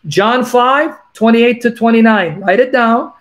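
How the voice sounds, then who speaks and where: A man hosting a call-in show, emphatically explaining scripture, repeating references and reading verses slowly. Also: very high-pitched.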